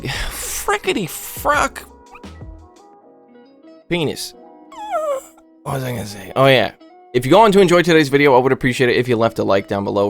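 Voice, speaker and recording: Joking, rambling man commentating gameplay. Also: mid-range voice. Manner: joking and rambling, with silly asides. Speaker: YouTuber commentating his online game battles.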